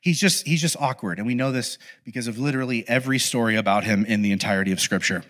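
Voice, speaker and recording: A man preaching a casual, conversational sermon, telling the story in an animated, playful way with lots of asides. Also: medium pitch, fast. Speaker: pastor.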